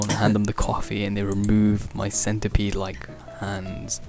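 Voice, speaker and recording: With a slightly mellow tone, this young man hosting a podcast improvises a rambling, absurd comic tale. He laughs at his own jokes a lot and jumps up in pitch when he quotes people.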